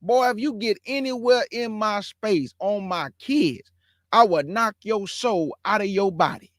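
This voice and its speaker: A man's voice: sits high, a little slow, a bit bright, no room sound, studio quality. A man hosting his own online show, commenting live to his viewers in an emphatic, repetitive way and stretching out words for effect.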